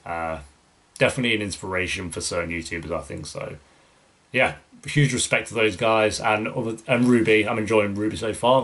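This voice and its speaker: A man's voice: lowish voice, fairly bright tone. A young man, hosting a casual Q&A for his reaction channel, answering viewer questions in a loose, rambling way with many fillers and restarts. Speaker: YouTube reaction channel host.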